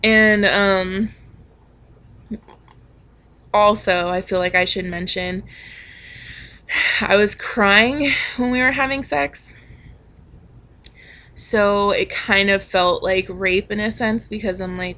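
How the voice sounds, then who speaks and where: A woman's voice: medium pitch, fairly even intonation, takes it slowly, pauses often, sharp tone. A young woman telling a personal story in a candid vlog, frank and confessional, with lots of swearing and filler words. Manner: frank and confessional, swears freely, many ums and likes. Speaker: vlogger.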